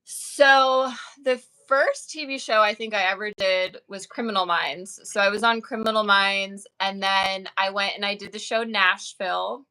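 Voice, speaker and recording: A woman's voice: medium pitch, a little slow, hardly any pauses, bright, forceful tone, smooth, rough recording. A woman actress and author chatting in an interview, telling stories in an upbeat way with many fillers. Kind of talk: casual interview chat.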